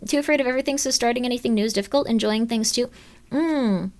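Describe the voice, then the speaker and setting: Casting: fairly high-voiced woman streamer, rambling and upbeat, fillers galore, squeals into excited mock voices. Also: fast. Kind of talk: casual chat with viewers.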